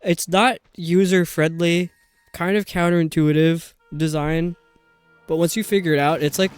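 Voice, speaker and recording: A woman's voice: lowish voice, fairly even intonation, moderate pace, smooth, no echo, soft background music. A woman streamer chatting casually over a video game, rambling and poking fun at herself. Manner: chatty, rambling, self-mocking. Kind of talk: casual livestream commentary.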